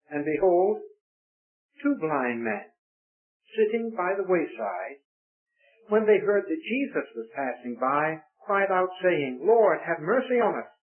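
A man preaching a sermon, reading scripture emphatically in old-style English and leading a prayer. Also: sits high. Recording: tinny, phone-like lo-fi recording.

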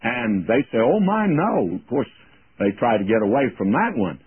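An older man giving a folksy radio Bible teaching, plain-spoken and slowing down to quote scripture. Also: fairly low pitch, breathy edge, dry recording. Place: radio studio. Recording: tinny phone-like radio broadcast, dry.

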